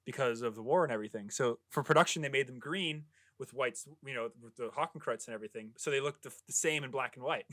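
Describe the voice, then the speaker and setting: A man's voice: mid-range voice, fast, fairly bright tone, no room sound, studio quality. A man co-hosting a casual movie podcast, swearing freely and telling rambling anecdotes. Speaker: podcast co-host. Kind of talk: casual chat.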